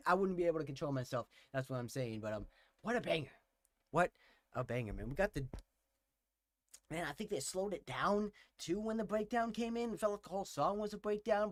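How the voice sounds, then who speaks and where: A man with a fairly high voice hosts a casual album reaction, talking with excited energy and gushing over what he hears. His exclamations tumble out again and again. The sound is dry and close, with no room around it. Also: dry recording. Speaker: music reaction host.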